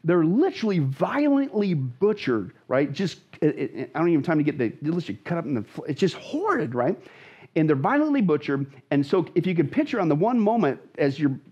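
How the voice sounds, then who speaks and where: Pastor guy preaching hard in a chat, husky voice, pitch all over the place, kinda dull lo-fi sound. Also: very animated, fairly quick, a little mellow. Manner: emphatic, dramatic, repeats phrases for stress. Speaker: pastor, guest. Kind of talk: animated Bible teaching in conversation.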